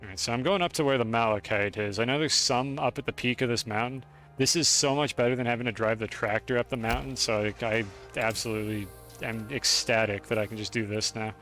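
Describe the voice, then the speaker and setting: A man's voice: medium pitch, fairly even intonation, brisk, fairly bright tone, soft background music. A young man streaming a video game, chatting casually with his chat and swearing freely while he plays. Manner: chatty, profane, talks to chat.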